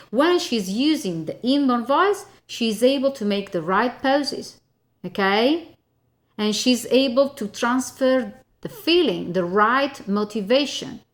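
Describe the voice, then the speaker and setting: A woman voice coach giving a spoken lesson in an emphatic way, often checking in with "okay?" and repeating her key points. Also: mid-range voice.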